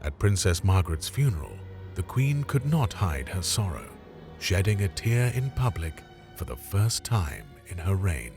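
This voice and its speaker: Man, lowish voice, lively expressive narration, music playing under it. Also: unhurried. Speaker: documentary narrator. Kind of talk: scripted narration.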